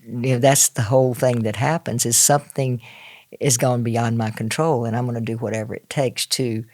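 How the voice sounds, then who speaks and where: A man's voice: mid-range voice, fairly even intonation, moderate pace, darkish tone, no echo, studio quality. A man hosting a podcast who talks casually, laughing often and restarting his sentences. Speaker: podcast host. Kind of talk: casual conversation.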